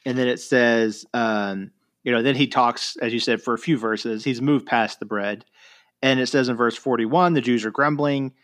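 A man with a mid-range voice talks through a Bible passage in relaxed conversation. He slips into quick voiced quotes of the people in the story and fills gaps with "like" and "you know". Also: mid-range voice. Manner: conversational, quotes scripture with voiced asides, many fillers. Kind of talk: casual Bible discussion.

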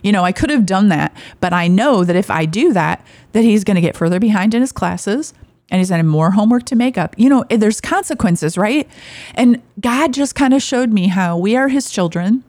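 A middle-aged woman hosting a casual faith podcast, chatting and telling family stories in a rambling, warm-hearted way. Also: medium pitch, no echo. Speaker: podcast host. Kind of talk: casual devotional chat.

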